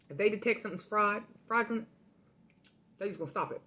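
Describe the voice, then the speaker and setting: A woman hosting a casual food vlog, talking straight to her viewers and telling a story in a lively, chatty way. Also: mid-range voice, quick pace, pauses often. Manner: chatty, addresses viewers directly, animated storytelling. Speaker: food vlogger.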